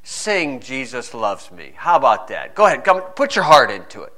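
Man doing a soldier, taunting, menacing, bright, mid-pitched. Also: big pitch swings, moderate pace. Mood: mocking. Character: mocking, threatening male soldier guarding captives.

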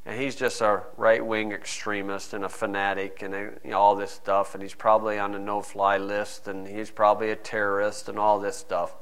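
A man preaching a sermon and reading scripture, emphatic, swinging between quiet asides and loud stressed phrases. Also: on the low side, level tone, normal speed, hardly any pauses, clear, resonant tone.

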